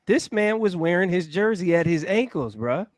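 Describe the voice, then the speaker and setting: A man co-hosting a basketball podcast, teasing and incredulous in lively casual banter. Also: sits high, normal speed, no echo. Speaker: podcast co-host.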